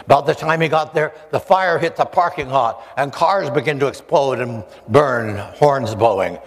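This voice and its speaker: An older male preacher from the Oregon coast, telling a personal story in an animated way, acting out voices and joking with the listeners. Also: mid-range voice, normal speed. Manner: animated storyteller, acts out voices, jokes with audience. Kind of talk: storytelling testimony sermon. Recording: long hall reverb.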